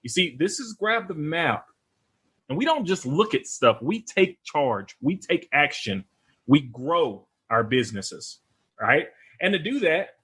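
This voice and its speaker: A man, a podcast host giving an animated, motivational talk that calls out to listeners as y'all. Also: a little high, unhurried, husky. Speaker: podcast host and real estate investor.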